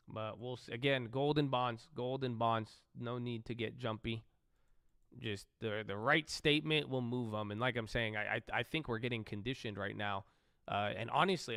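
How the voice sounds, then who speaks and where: Bright, smooth-voiced man hosting a stream. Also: medium pitch, no room sound, clean studio sound. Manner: rambling, joking, profane. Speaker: live stream host. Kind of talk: casual chat while trading.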